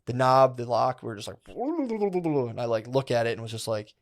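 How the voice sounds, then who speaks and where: A man's voice: medium pitch, sing-song, normal speed. A man co-hosting a podcast, telling a long story in a rambling, profane, slangy way, full of "dude" and "like". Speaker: podcast co-host. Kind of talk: casual storytelling chat.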